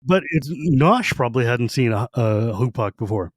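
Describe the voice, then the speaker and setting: A man co-hosting a podcast, talking casually about a fantasy novel and acting out its quotes with animated energy. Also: medium pitch, normal speed, dry recording, clean studio sound. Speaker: podcast co-host. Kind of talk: casual book discussion.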